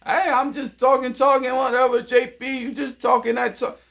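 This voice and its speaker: A man voicing a scoffing male doubter, in a high, mocking, dismissive tone. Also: level tone, normal speed, gravelly, a bit bright, full character voice.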